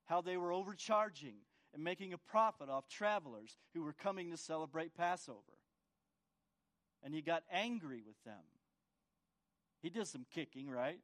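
High-voiced male pastor preaching. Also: animated, moderate pace, a bit bright. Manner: asks the congregation for agreement with tag questions; repeats words and restarts with uh. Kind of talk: sermon.

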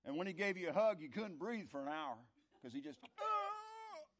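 A middle-aged or older man telling a folksy, rambling story in a conversational sermon, his loudness rising and falling. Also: a little high, expressive, quick pace, a little hiss or hum. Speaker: speaker telling a story to an audience.

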